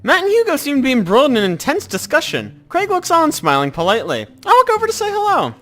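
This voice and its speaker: Animated man reading a game aloud. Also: high-pitched, fast talker, few pauses, soft background music. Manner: animated, jokey narration. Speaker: let's play narrator.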